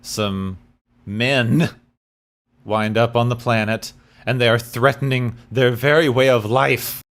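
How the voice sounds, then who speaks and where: A man's voice: mid-range voice, steady tone, slow, a bit bright. A man co-hosting a podcast in casual chat, with wry, dry humor. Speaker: podcast co-host.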